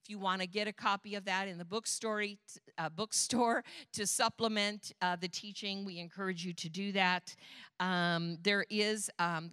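A woman co-pastor reads out the week's church announcements. Her voice is bright and crisp, recorded close and dry, and her delivery is loose and conversational, full of small fillers. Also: medium pitch, no room sound.

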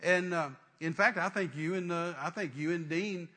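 A middle-aged man preaching with fervent conviction, his fairly high voice bright and forceful. He tells a long story, stumbling into restarts and stringing clauses together with "and, uh.". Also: moderate pace. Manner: fervent, repetitive restarts and trailing "and, uh". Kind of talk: sermon storytelling.

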